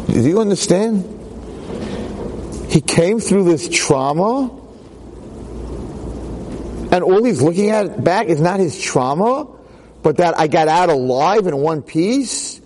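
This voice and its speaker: Middle-aged rabbi, lively storyteller to a girls' class. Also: fairly high pitch, a little slow, pauses often, a little hiss or hum, poor audio. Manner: animated, acts out voices in stories. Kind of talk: storytelling Torah talk.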